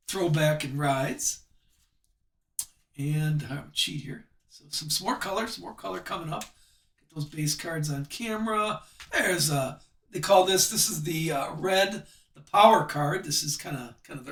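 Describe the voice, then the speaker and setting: Hosting a live card break, a man with a high, bright voice keeps things chatty and upbeat, calling out each card as he opens packs. His mic is distant, so he sounds a bit off-mic, and the room echoes.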